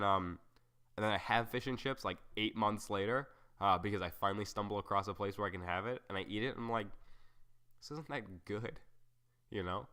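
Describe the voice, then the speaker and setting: A man's voice: lowish voice, sharp tone, smooth. A young man hosting a solo podcast, rambling casually through tangents and joking at his own expense. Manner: rambling and self-deprecating, full of fillers and tangents. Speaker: podcast host.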